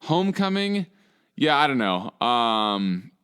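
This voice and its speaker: A man's voice: medium pitch, very animated, takes it slowly, a bit bright, clear, resonant tone. A young man co-hosting a podcast in casual chat, profane and sarcastic, rambling with lots of fillers. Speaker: podcast co-host.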